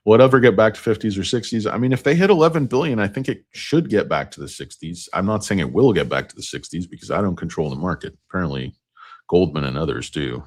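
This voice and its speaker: A man hosts a casual stock market livestream and reads viewer comments out loud. His voice is exceptionally deep and low. He rambles, cracks jokes at his own expense, and drifts between topics. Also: animated, fast. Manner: rambling, joking, self-mocking.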